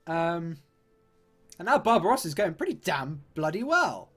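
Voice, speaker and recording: Man, let's-play commentator, slightly high voice, faint game music behind, chatty and slangy. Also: very animated, moderate pace, fairly bright tone, breathy edge. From London, England. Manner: chatty, upbeat, British slang and mild swearing. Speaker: gaming YouTuber.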